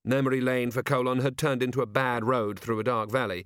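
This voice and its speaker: Give me a man narrating an audiobook, steady and wry, in a dry, close recording. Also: mid-range voice, brisk, clear, resonant tone, no room sound. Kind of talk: scripted narration.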